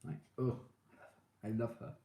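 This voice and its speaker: A man's voice: unhurried, mellow, echoey room. A man chatting casually on a live stream, reading out viewer comments and gushing about his favourite shows with frequent laughs.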